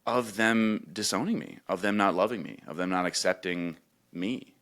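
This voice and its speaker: A young man from Newfoundland, co-hosting a podcast, tells a personal story in casual, emotional chat and sometimes jumps high to mimic his mother. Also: moderate pace, fairly bright tone. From Newfoundland, Canada. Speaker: podcast co-host.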